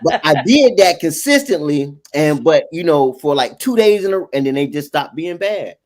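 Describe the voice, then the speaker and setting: A man on a talk show, casually telling a family story with animated laughter. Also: fairly high pitch, moderate pace.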